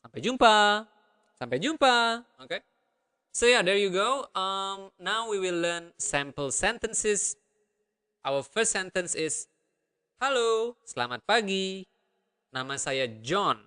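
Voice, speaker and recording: Man giving an online language lesson, bright clear voice, kinda high, upbeat. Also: lively intonation. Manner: upbeat, repeats phrases slowly for learners. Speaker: language teacher.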